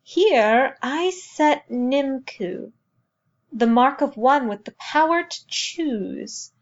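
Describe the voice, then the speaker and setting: A woman's voice: high voice, lively intonation, highs cut off, pitched above the performer's own voice, exaggerated voice. Woman voicing a solemn, fierce old woman elder. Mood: solemn blessing. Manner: slow, solemn intoning. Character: wise, fierce old woman elder who gives blessings.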